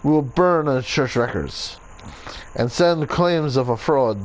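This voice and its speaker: A man's voice: medium pitch, expressive, slow pace, rough recording. A man voicing a solemn male Italian assassin reading his journal, in a put-on Italian accent. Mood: grave.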